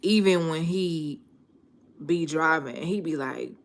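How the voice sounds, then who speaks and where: A woman talks casually to her viewers. She takes her time and tells her stories in a relaxed, slangy way. Her voice sits a little low. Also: takes it slowly. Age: 30s. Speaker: vlogger.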